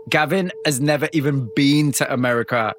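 A man hosting a broadcast interview, narrating a story and asking measured, empathetic questions. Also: medium pitch, background noise. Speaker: radio host.

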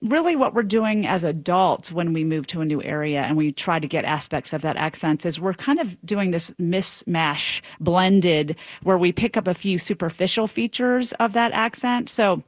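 A woman's voice: fairly low pitch, normal speed, few pauses, no room sound. A woman guest who is a linguist and author, explaining accents in an interview with light laughs. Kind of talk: interview answers.

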